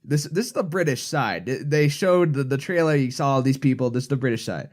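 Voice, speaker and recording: A man's voice: mid-range voice, lively intonation, brisk. A man co-hosting a casual podcast, talking in a rambling, opinionated way full of restarts and asides. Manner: rambling, self-correcting, opinionated. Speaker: co-host.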